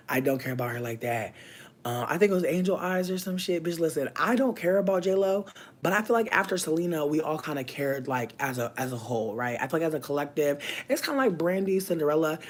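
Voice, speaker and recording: A man giving casual comedic commentary in a campy, animated way, laughing often and using heavy slang. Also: fairly high pitch.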